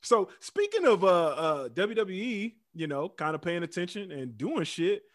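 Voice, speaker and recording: A man co-hosting a casual wrestling podcast, laid-back and lively, laughing along and giving shout-outs. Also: sits high, moderate pace. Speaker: podcast co-host.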